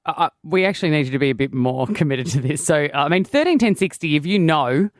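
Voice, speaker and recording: A man's voice: on the high side, expressive, quick pace, no room sound, clean studio sound. A man co-hosting a breakfast radio show, bubbly and self-mocking. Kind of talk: casual radio banter.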